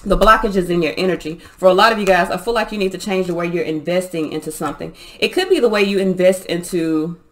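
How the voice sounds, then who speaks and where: A woman's voice: on the low side, fast talker, hardly any pauses, a bit bright. Blunt, profane woman reading tarot. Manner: blunt, profane, fired-up and emphatic. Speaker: tarot reader. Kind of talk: casual tarot reading for viewers.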